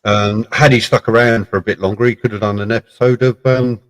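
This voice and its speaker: A man's voice: lowish voice, steady tone, brisk, no echo, rough recording. A man in a casual late-night live chat with friends, talking in blunt, sweary banter.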